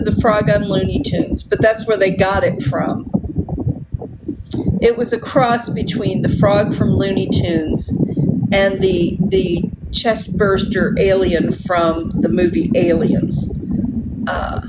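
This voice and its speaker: A woman in her sixties telling a rambling story in casual chat, with lots of fillers and restarts along the way. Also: medium pitch. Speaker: livestream host. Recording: loud background noise on a livestream.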